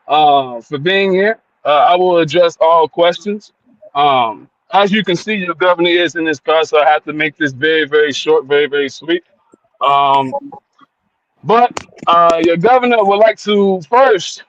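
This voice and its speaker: Man, high voice, pompous wrestling promo, stammering repeats, dull lo-fi dry mic. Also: fairly bright tone, no echo. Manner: pompous, calls himself "your governor" in third person, stammers and repeats words. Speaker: wrestling character at a mock media day.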